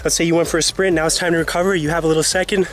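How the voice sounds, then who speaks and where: A man's voice: fairly high pitch, flat delivery, racing. Winded man coaching breathing. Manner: breathy sighs between phrases, encouraging. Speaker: fitness coach. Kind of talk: instructional vlog. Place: outdoors.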